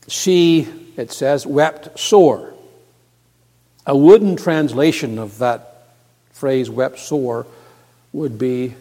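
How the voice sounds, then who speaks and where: Slow preaching man in an echoing hall. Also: mid-range voice. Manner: swings from hushed to loud and emphatic, repeats words. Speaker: pastor. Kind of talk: sermon. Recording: long reverb of a large hall.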